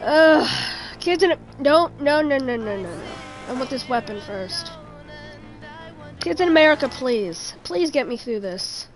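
A woman's voice: sits high, animated, moderate pace, soft background music. A young woman giving live commentary while playing a video game, chatting with viewers and swearing in frustration.

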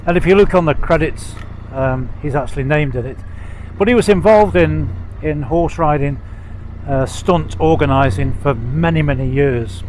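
Road and engine noise sit behind this poor-quality recording of a middle-aged English motorcycle vlogger riding a sidecar outdoors on country roads. He tells stories in casual narration at normal speed, rambling with many fillers and restarts, his voice fairly high and a little mellow.

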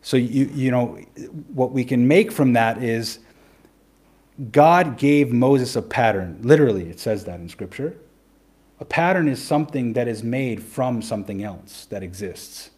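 With a husky, somewhat mellow, mid-range voice, a male pastor preaches expressively and earnestly. He eases his pace to drive home key points and asks the congregation rhetorical questions.

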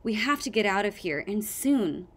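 A woman's voice: mid-range voice, very animated, husky. A woman doing a fiery, defiant young sea dragon. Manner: fiery, quick to argue.

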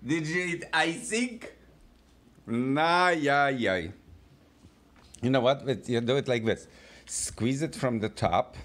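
A woman's voice: very deep voice, animated, takes it slowly, long pauses. A woman hosting a casual family video, asking the children upbeat, coaxing questions. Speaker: family vlog host.

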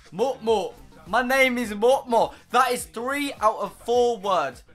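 A young man filming a casual vlog, excitable and swearing freely as he laughs at himself at home. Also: very high voice, slow pace, faint music behind. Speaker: YouTuber.

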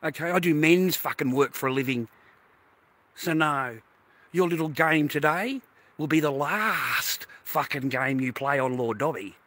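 This vlogger, venting outdoors on a walk, addresses his audience directly in an outraged, profanity-heavy rant. His voice is a little high and fairly bright with lively intonation, his pace unhurried, and there's no echo.

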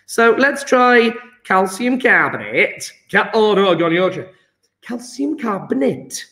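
A man's voice: high-pitched, very animated, unhurried, pushed and bright, roomy sound. A man teaching a chemistry lesson online, encouraging and upbeat, cracking jokes with his students.

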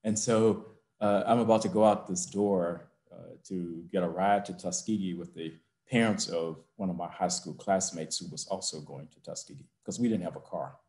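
A man's voice: deep voice, steady tone, a little mellow. An older man, a university president, telling a heartfelt personal story over a video call from his office, building to rousing emphasis. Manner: slow, emotional storytelling rising to rousing emphasis.

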